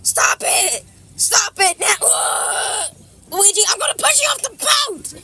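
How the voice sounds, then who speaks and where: Woman voicing a whiny plumber hero, plush toy skit, very high voice, slow delivery, music behind. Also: very animated, gravelly, full character voice. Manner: whiny, dramatic, often yelling. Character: excitable complaining male plumber hero.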